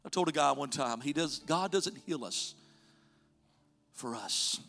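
A male pastor delivers a storytelling sermon, his voice sitting a little high for a man. He pushes up into loud, urgent pleas, then drops to soft, hushed asides. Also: animated, measured pace, vocal fry. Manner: storytelling preacher, swings from loud urging to soft near-whispers.

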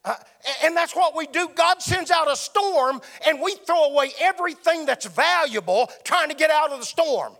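A man's voice: extremely high pitch, expressive, normal speed, hardly any pauses, fairly bright tone. A man preaching a sermon with emphatic delivery that swells and drops. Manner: emphatic, rising and falling delivery.

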